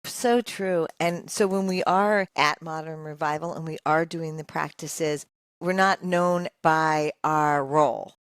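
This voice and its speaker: A woman's voice: sits low, fairly even intonation, unhurried, clear, resonant tone. A woman co-hosting a wellness podcast, affirming and echoing her guest's words. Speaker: podcast co-host. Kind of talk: warm interview chat.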